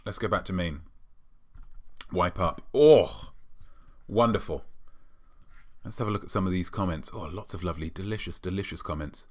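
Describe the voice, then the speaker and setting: British man, comedic live-stream host, sarcastic, mock-smug, fairly low pitch, very animated intonation. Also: brisk. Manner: sarcastic, mock-smug, playfully self-aggrandizing. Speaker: host of a weekly live show.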